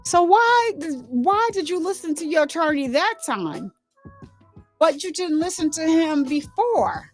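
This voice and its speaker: A woman's voice: very high voice, very animated, measured pace, soft background music. A woman hosting a commentary channel, giving a casual recap and firing off incredulous rhetorical questions.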